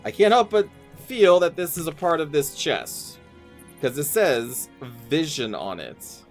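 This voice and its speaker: A man's voice: on the high side, sing-song, measured pace, soft background music. A young man casually commenting while streaming a game, joking playfully as he goes. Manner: playful, jokey asides.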